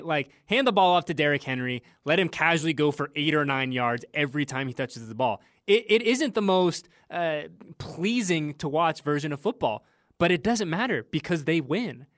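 A man's voice: on the high side, a bit bright, no echo. A man co-hosting sports talk radio from a studio, playful and theatrical with mock outrage. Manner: theatrical mock outrage, wrestling-promo cadence.

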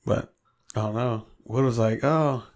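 Male podcast co-host, mid-pitched, loose and profane storyteller. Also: a little slow, vocal fry. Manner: storytelling, heavy swearing, quotes himself. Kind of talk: casual chat.

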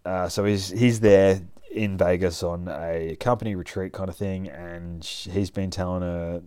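A man's voice: low-pitched, steady tone, unhurried, mellow, smooth, no room sound. A young man casually recapping and reviewing a comic book, rambling and profane. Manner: loose, profane, rambling storytelling.

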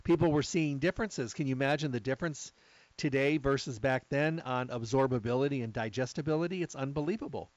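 A middle-aged man hosting a supplement talk, telling stories in a chatty, lively way. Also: mid-range voice, fast talker, no room sound, muffled recording. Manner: chatty storyteller, lively asides. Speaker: health supplement talk host. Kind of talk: casual monologue.

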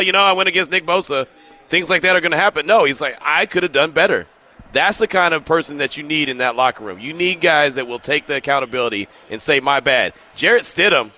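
A man's voice: fairly high pitch, bright, forceful tone. A man hosting a sports talk show, giving earnest commentary and reading out listener texts. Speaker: sports radio host.

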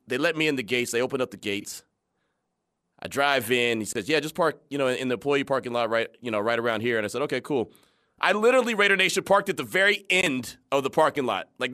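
Male radio host, conversational storyteller, lively pitch, quotes people in their voices. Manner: animated, laughing, retells scenes in quoted voices. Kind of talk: casual radio talk and storytelling.

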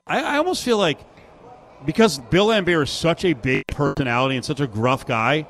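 A man's voice: on the high side, lively intonation, moderate pace, fairly bright tone, slight background noise. A man hosting a casual sports radio show from a sportsbook, chatting, joking and reading live ads. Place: sportsbook broadcast booth.

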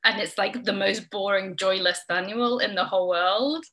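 A woman's voice: medium pitch, moderate pace, sharp tone, poor audio. A woman hosting a group call, teaching in a chatty, casual way full of fillers. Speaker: host and Instagram teacher. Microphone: video call.

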